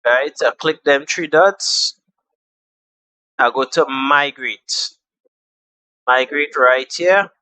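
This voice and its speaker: Slow, bright-voiced casual tutorial guy. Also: mid-range voice, clean tone, dry recording, poor audio. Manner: relaxed, chatty, repeats himself and trails off with fillers. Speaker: tutorial host. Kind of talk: casual screen-recorded app tutorial.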